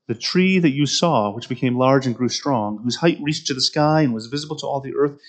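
A man preaching a sermon who reads scripture aloud and then explains it directly to his listeners, often repeating words as he goes. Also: mid-range voice. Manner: repeats words and restarts mid-phrase.

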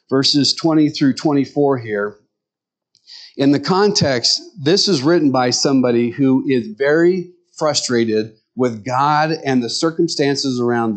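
A man preaching a Sunday sermon, animatedly acting out the voices of the people in the scriptures he reads. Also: medium pitch. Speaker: pastor.

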